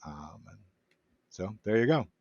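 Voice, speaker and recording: Deep-voiced man, slightly muffled audio. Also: sing-song, a little slow. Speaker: podcast guest, adventure designer. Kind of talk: casual explanation.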